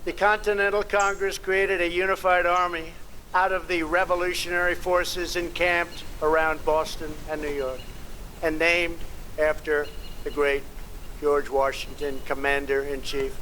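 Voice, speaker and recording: Guy doing a puffed-up old president speechifying, high bright voice, stops and starts a lot. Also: little pitch movement, a little hiss or hum. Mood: grandiose. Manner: pompous, halting speech delivery. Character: blustering older male president giving a speech. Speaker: animated parody speaker. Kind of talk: comedic impression.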